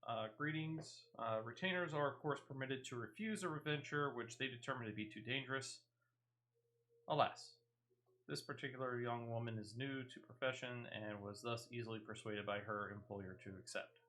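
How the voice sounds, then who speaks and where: A courteous, formal male clerk from a video game, as a man reads him aloud. His voice sits in an ordinary middle pitch, and the lines are read plainly with little acting. The tone stays polite and measured. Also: a bit bright, natural voice.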